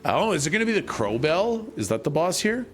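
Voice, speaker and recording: A man's voice: a little high, fairly quick, faint music behind. A man in his thirties chatting casually while he plays a game on stream, rambling and joking. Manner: animated, rambling, jokey.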